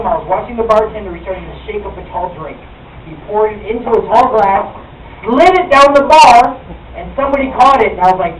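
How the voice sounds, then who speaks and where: A man's voice: sits high, animated, a little fast, slight background noise. Brash young male stand-up, roomy club. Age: 20s. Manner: brash, profane, chatty with the crowd. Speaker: stand-up comedian. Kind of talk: stand-up comedy set. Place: comedy club stage. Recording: distant echoey club, loud ambience.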